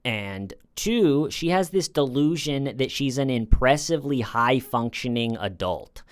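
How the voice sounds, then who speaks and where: A man's voice: mid-range voice, animated, unhurried, no echo, studio quality. A man hosting a casual commentary, talking in a sarcastic, mocking way. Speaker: commentary host.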